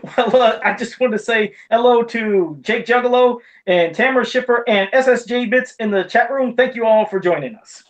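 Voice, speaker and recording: A man's voice: very high voice, normal speed, few pauses, lo-fi sound. A man co-hosting a casual podcast, chatty and repeating himself as he over-explains a point. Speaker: podcast co-host. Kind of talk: casual chat.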